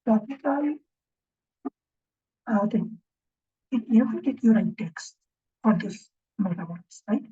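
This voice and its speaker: A woman instructor talks through a lesson in a breathy, husky voice with a dark, mellow tone. She thinks aloud as she goes, pausing and checking in with the class. The recording is dull and lo-fi. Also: mid-range voice, animated. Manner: halting, thinking aloud, often ends points with a questioning "right?". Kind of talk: informal recorded lecture.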